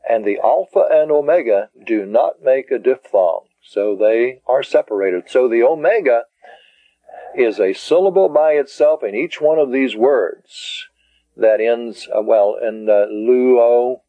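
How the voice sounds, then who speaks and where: A man teaching a Greek lesson, slowly sounding out words syllable by syllable and explaining rules. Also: medium pitch, expressive, no room sound. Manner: slow and deliberate, sounding out syllables. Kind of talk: classroom lecture. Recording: dull lo-fi recording.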